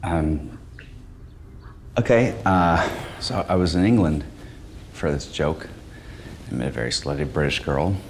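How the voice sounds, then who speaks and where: A middle-aged stand-up comic past his prime, deep in tone and full of self-doubt. He stammers and restarts, putting himself down as he talks. The voice sits very low. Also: creaky, slight background noise, heavily acted. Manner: halting, stammering, self-deprecating. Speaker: stand-up comic pitching a show.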